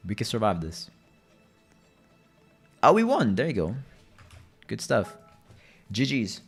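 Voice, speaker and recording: Young male streamer, low-pitched, loose chatty delivery, cursing, light music bed. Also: huge pitch swings, slow pace, breathy edge. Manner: rambling, swearing, chatty storytelling. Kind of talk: casual gaming commentary.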